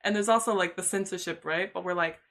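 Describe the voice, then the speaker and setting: A woman's voice: fairly low pitch, fast talker, a bit bright. A young woman livestreaming, talking candidly and casually, laughing often and swearing freely.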